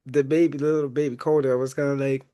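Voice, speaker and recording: A man's voice: medium pitch, little pitch movement, quick pace, dark tone, clear, resonant tone. A man hosting a podcast, casually retelling a movie scene by scene, laughing often and acting out the lines he quotes. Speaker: podcast host.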